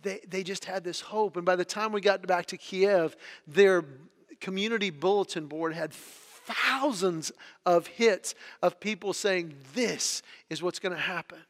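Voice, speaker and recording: A man telling stories to an audience in an animated way, acting out the quotes and often repeating his words. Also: sits high, unhurried, long reverb tail. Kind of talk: storytelling talk to an audience.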